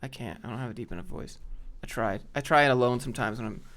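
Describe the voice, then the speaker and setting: A man's voice: mid-range voice, quick pace, a bit bright. A man from Atlanta hosting a casual live stream, talking in a laid-back, offhand way with many fillers. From Atlanta, Georgia, US.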